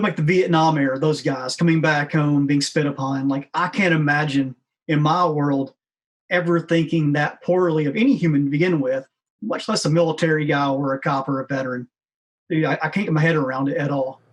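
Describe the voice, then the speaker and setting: Laid-back man with a higher voice. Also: fairly quick. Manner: relaxed, laid-back, frequent fillers like "uh" and "man". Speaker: guest, founder of a veterans' nonprofit. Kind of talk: casual podcast interview.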